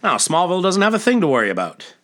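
A yelping, high-pitched small-town old-timer, as a man puts him on, talking in folksy exclamations. His voice jumps up loud and bright, and he sounds thrilled. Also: huge pitch swings, quick pace, heavily acted. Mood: amazed.

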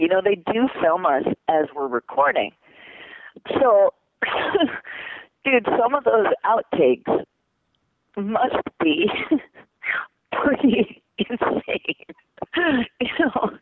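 A man, a voice actor being interviewed, chatting casually, excitable and laughing often, calling people "dude". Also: high-pitched, slight background noise. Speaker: voice actor guest. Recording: tinny phone line.

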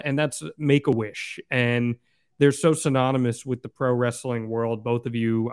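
A man's voice: medium pitch, dry recording, clean studio sound. A man hosting a podcast, steadily leading the conversation with questions and frequent "uh" fillers. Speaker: podcast host. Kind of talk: casual interview.

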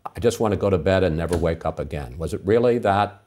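A man's voice: sits low, animated, fast, darkish tone. An older man hosting an interview, asking direct, probing follow-up questions. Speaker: interviewer, host. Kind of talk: broadcast interview.

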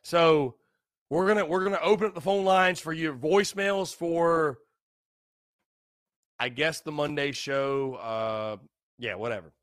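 A man's voice: on the high side, unhurried, pauses often, a bit bright, no echo, clean studio sound. A young man hosting a casual solo podcast, tipsy, rambling and repeating himself. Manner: rambling, repetitive, loose and tipsy. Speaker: podcast host.

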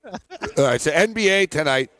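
A man's voice: sits high, big pitch swings, moderate pace, fairly bright tone. A man co-hosting a sports betting show, telling rambling stories full of fillers and laughs in a casual chat.

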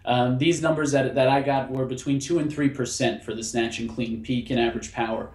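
A man's voice: mid-range voice, fairly even intonation, a little fast, darkish tone. Hesitant male researcher in a roomy space. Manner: hesitant, with restarts and fillers. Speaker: guest researcher. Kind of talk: casual interview chat. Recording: roomy echo.

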